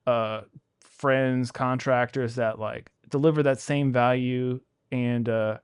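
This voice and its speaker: A man's voice: medium pitch, slow pace, clear, resonant tone, no room sound, studio quality. A man hosting a casual podcast chat about his pressure washing business, talking candidly and acting out what other people said. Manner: candid, animated, acts out quoted people.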